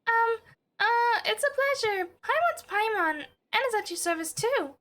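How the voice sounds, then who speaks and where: A woman voicing a tiny, excitable female fairy companion in a chirpy, squeaky, eager way. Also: a little slow, full character voice.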